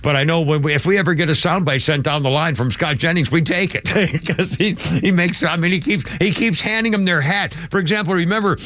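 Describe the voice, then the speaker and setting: A man's voice: on the high side, fairly quick, few pauses, a bit bright, no echo. Older man rambling on talk radio. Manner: rambling, filler-heavy, chuckling asides. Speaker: radio show host. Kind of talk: casual talk radio chat. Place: radio studio. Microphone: studio microphone.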